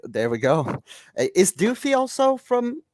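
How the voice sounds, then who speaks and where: A man's voice: high voice, sing-song, unhurried, a little mellow, dry recording. Canadian male podcast host at home; loose, rambling, chatty delivery, dry recording. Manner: rambling, reads chat aloud, laughs often. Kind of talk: casual chat. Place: home room.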